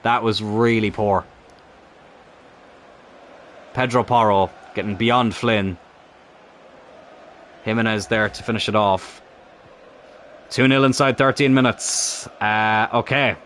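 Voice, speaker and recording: A man's voice: fairly low pitch, fairly even intonation, a little slow, pauses often, a bit bright, slight background noise. Swearing man commentating his game. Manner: frustrated, swearing, talks to the players on screen. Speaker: gaming YouTuber playing a football career mode. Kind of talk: live gameplay commentary.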